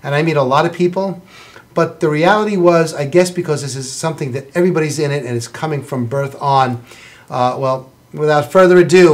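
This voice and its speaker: A man hosting a studio talk show, praising his guests in an effusive, rambling way. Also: on the high side. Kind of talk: chatty studio interview. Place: television studio.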